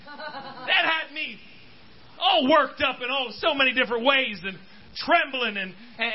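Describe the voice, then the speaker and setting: A man's voice: very high-pitched, measured pace, lo-fi sound. A man preaching a sermon at a church service, calling out to the congregation. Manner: animated preaching, calls out to congregation. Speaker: pastor.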